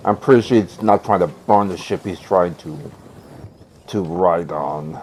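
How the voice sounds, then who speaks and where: A man playing a tabletop game, calmly reasoning things through. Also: deep voice, a little slow, a little hiss or hum. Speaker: player.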